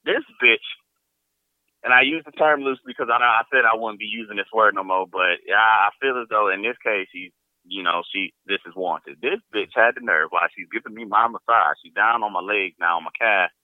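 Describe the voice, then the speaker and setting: A man in his fifties hosting a podcast, telling a crude story in a casual, animated, laughing way. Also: on the low side, fairly quick, no echo. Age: 50s. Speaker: podcast host. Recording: dull, dry lo-fi sound.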